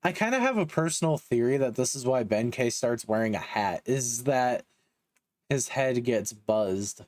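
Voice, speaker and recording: A man's voice: medium pitch, expressive, a little slow, dry recording. A young man giving a casual, joking recap of a manga, with slangy asides. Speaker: manga reviewer.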